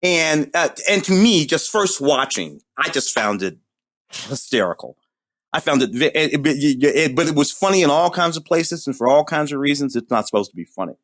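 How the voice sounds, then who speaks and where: A man in his forties co-hosting a podcast, chatting casually about films in an animated way, with laughs and restarts. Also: on the high side, normal speed, no echo, studio quality. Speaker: podcast co-host. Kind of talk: casual review chat.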